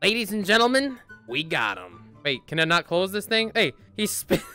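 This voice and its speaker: A man doing goofy, excited commentary while playing a VR game, with loud outbursts. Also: high voice, moderate pace, clean tone, faint music behind. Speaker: gaming YouTuber.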